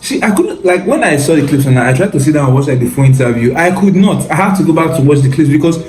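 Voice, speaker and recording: A man's voice: fairly high pitch, animated, quick pace, darkish tone, roomy sound, a little hiss or hum, rough recording. A man hosting a casual reaction commentary, mocking and exasperated, laughing often and calling the listener bro. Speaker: commentary video host.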